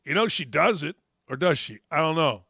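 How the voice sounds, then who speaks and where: A middle-aged male sports talk host riffs with mocking sarcasm, breaking into loud shouted bursts. His voice sits high and bright. The studio sound is close and dry. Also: animated, moderate pace, creaky, slightly rough, dry recording.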